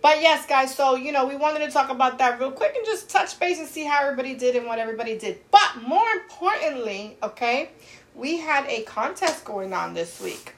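A woman co-hosting a casual chat podcast, talking in an animated, emphatic way and giving playful advice. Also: high-pitched, a little fast. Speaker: podcast co-host.

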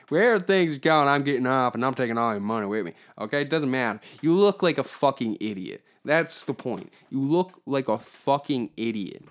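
A hungover man hosting a solo podcast, ranting heatedly and swearing constantly. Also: mid-range voice. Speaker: podcast host.

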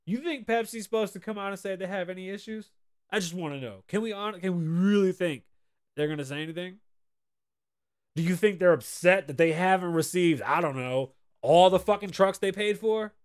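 An American man hosting a podcast, riffing on the news in a loud, profane and excitable way from a studio. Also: sits high, fairly quick. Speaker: podcast host. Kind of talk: casual news commentary.

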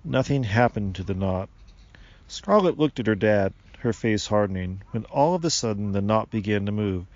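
Man calmly narrating a storybook. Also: lowish voice, normal speed, no echo, lo-fi sound.

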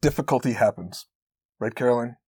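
A man co-hosts a conversational podcast in an earnest, encouraging manner. His pitch sits in the middle, and he slows down to stress his key points. The recording is close and dry. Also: a little mellow, husky, dry recording. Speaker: podcast co-host.

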